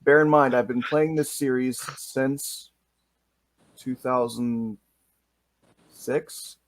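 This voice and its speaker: A man's voice: mid-range voice, fairly even intonation, takes it slowly, no room sound. A man hosting a podcast interview, telling stories with enthusiasm and animation. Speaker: podcast host. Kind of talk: casual interview talk.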